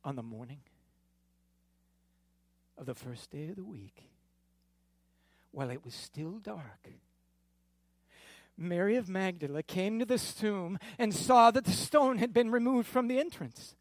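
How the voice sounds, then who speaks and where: A man narrating a dramatic scripture reading in a deliberate, expressive storytelling manner. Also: high-pitched. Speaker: scripture reader.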